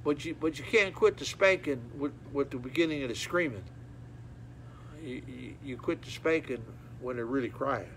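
A man preaching a sermon, folksy and repetitive, telling stories with animated acted-out moments. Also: medium pitch, normal speed, a little hiss or hum.

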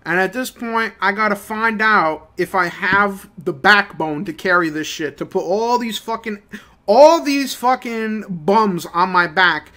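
A young man ranting in a casual, profane, rambling way, swinging between low mutters and loud outbursts. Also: unhurried. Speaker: gaming channel host. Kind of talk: casual rant over gameplay.

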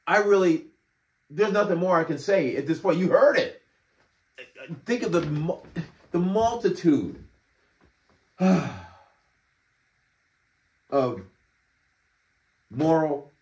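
Profane, sarcastic man in his fifties. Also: fairly high pitch. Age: 50s. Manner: profane, sarcastic, laughing indignation. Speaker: host. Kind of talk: casual commentary. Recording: roomy echo.

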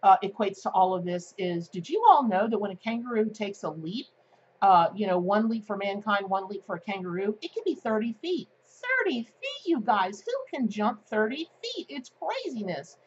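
A woman giving a daily tarot card reading to her viewers, chatty and excitable, with plenty of fillers. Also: medium pitch, normal speed, dull audio, a little hiss or hum. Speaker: tarot reader.

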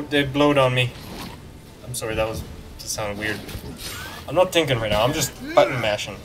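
A man giving casual, excitable commentary while playing a video game, joking and talking back to the game. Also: mid-range voice, moderate pace, pauses often, far from the mic. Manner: excitable, jokey, talks to the game. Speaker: let's play gamer.

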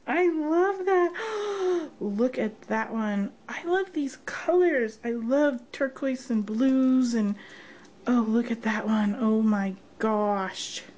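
High-pitched lady unboxing gifts, gasping and gushing, takes her time. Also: takes it slowly, a little mellow. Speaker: craft vlogger. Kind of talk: unboxing vlog.

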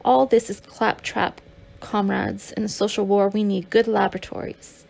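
Cold Russian chemist voiced by a woman reader, Russo-Spanish accent, gravelly, audiobook memoir. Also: medium pitch, little pitch movement, moderate pace, darkish tone, poor audio. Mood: dismissive.

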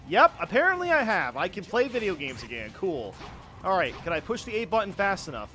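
Speaking fairly quickly, a young YouTuber narrates his game in a bright, sharp, high voice that bounces wildly with excitement. Casual let's play chatter is broken up by yelps and laughter at the screen, over faint background game music.

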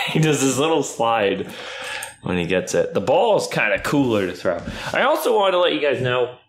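Playful man with a lively, bouncing voice. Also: moderate pace, slight background noise. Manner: playful, lively, slips into high baby-talk at the dog. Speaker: YouTuber filming his dog. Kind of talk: casual vlog chat with a puppy.

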